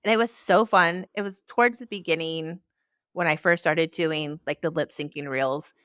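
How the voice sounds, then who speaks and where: A woman hosting a podcast in casual chat, animated and acting out the voices of people she quotes. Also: normal speed, clean tone, no echo, clean studio sound. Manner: animated, acts out quoted voices with big pitch jumps. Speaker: podcast host.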